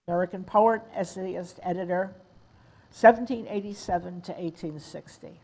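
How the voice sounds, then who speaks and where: Older woman reading poems slowly. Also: mid-range voice, a little mellow, rough recording. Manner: slow, measured recitation. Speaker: resident reader. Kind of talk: poetry reading. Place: retirement community.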